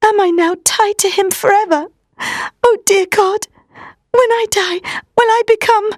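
A frightened, tearful young wife speaks softly and weakly, pleading in a raised voice, put on by a woman reader. The voice is dry, with no room around it. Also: high-pitched, unhurried, dry recording, pitched above the performer's own voice. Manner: soft, weak, pleading.

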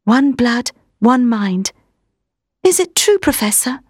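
A frightened, tearful young wife speaks softly and weakly, pleading in a raised voice, put on by a woman reader. The voice is dry, with no room around it. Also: high-pitched, measured pace, dry recording, pitched above the performer's own voice. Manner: soft, weak, pleading.

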